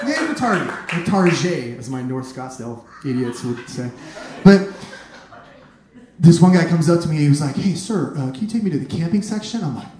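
A man performing a stand-up comedy set on a club stage, telling animated stories and shouting punchlines. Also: sits high. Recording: echoey room, noisy club.

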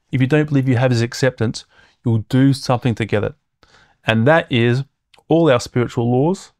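A man's voice: medium pitch, a little mellow, no echo, clean studio sound. A man preaching a sermon in a conversational teaching manner, reading scripture aloud, chuckling between points and often checking in with "okay?".

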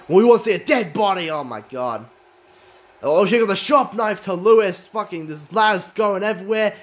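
A man with a high-pitched voice calls a wrestling game match move by move. He is excitable and swears freely, with his voice rising into shouts whenever a big move lands. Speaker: commentator.

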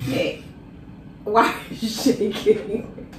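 A woman's voice: drawn-out words, recorded from a distance, heavy background noise. A mother at home asking question after question about her broken TV, laughing nervously between lines. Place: at home indoors. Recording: roomy, from across the room.

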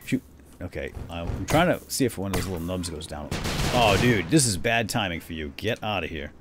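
A man hosting a let's play video, commenting on a boss fight with excited exclamations. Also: deep voice, a little fast, very noisy. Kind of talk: gameplay commentary.

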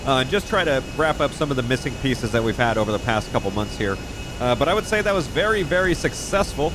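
A man's voice: medium pitch, expressive, fast talker, background noise. A man streaming police role-play, chatting casually, swearing often and laughing easily. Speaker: streamer playing a police officer.

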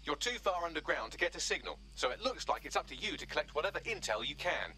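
A man's voice: a little high, big pitch swings, quick pace, bright, forceful tone, husky, heavily acted, low-quality recording. An actor playing a wry male AI assistant with a dry, sarcastic manner, in a video game.

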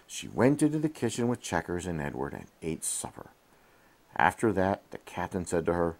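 A man reading a bedtime story to his child while in bed, gently asking questions along the way, recorded on a head-mounted camera. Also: on the low side, very animated, normal speed, creaky. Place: in bed at home.

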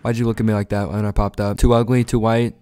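A man's voice: fairly low pitch, flat delivery, quick pace, dark tone, clear, resonant tone. A man in his late teens bantering on video chat with strangers, brash and teasing, full of vulgar jokes. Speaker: vlogger chatting with strangers. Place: home computer desk.

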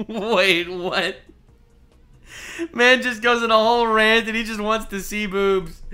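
A young man hosting a reaction video, giving crude, joking commentary with loud outbursts. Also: sits high, steady tone, slow pace, soft background music.

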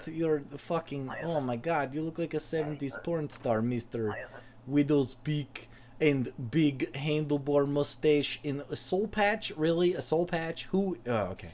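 A tipsy man hosts a let's-play, rambling through the game with profane, mocking jokes. His voice sits high for a man, and he trails off and drifts as the drinks take hold. Faint room noise sits under him. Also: a little slow, darkish tone. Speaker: host.

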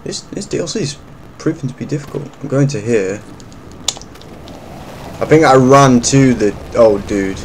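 A man commentating while playing a video game, swearing and yelling at it. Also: medium pitch, lively intonation, moderate pace, pauses often, a little hiss or hum, poor audio. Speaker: gamer. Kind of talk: let's play commentary.

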